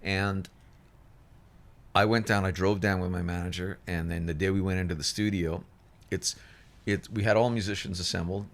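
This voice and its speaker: A man's voice: low-pitched, steady tone, moderate pace, pauses often. A man, a musician guest, telling a long story in casual chat, rambling with restarts and fillers and acting out other people's lines. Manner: acts out other people's lines in shifted voices.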